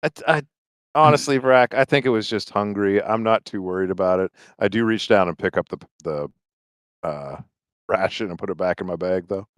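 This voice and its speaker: A man's voice: fairly low pitch, brisk, no room sound, clean studio sound. A man playing a tabletop game, speaking hesitantly with many restarts. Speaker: player. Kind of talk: casual in-character play.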